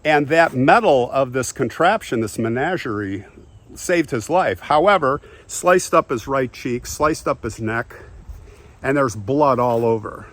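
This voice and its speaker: Animated male history storyteller. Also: medium pitch, measured pace. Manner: animated, acts out quotes in passing. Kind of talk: casual dramatic retelling.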